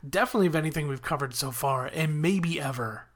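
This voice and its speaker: A man's voice: on the high side, quick pace, noisy background. A man hosting a podcast, recapping a TV episode in an enthusiastic, rambling way with frequent chuckles. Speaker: podcast host reviewing a TV episode.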